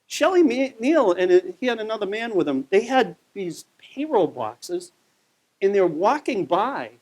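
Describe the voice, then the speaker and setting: A man's voice: sits high, sing-song, unhurried, a little mellow. A man giving a conversational local history talk over a slide show, telling the story with plenty of fillers.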